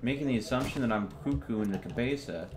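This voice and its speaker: A man's voice: mid-range voice, fast, background noise. A man hosting a multiplayer let's play, chatting casually and explaining the game's design at length. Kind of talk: casual gaming chat.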